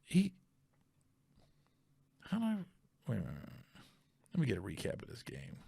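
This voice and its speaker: A man's voice: medium pitch, huge pitch swings, normal speed, creaky, dark tone, husky, no room sound. A male podcast host telling a casual, rambling story, often stopping to correct himself and check facts aloud.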